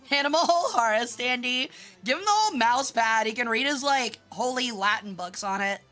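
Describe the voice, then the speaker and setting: A young woman from Memphis chatting casually on a live stream while gaming, animated and quick to swear, laugh and shriek. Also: on the high side, faint music behind. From Memphis, US South. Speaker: vtuber streamer.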